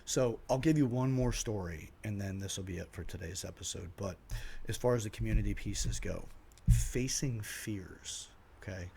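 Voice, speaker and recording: A man in his forties, a podcast host, telling a personal story in an animated way, acting out what people said and laughing at himself. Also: fairly low pitch, normal speed, creaky, slight background noise.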